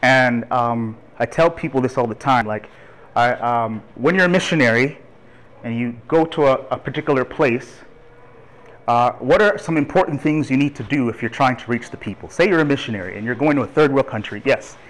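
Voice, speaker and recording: A man in his thirties from Toronto gives a lively, chatty church talk on urban ministry and laughs along with the congregation. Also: mid-range voice, fairly quick, poor audio. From Toronto, Canada. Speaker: guest speaker on urban ministry.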